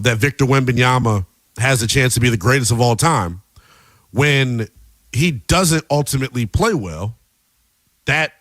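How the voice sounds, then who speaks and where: A man hosting a late-night sports talk radio show, loose and energetic, talking conversationally with fillers. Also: mid-range voice, no echo.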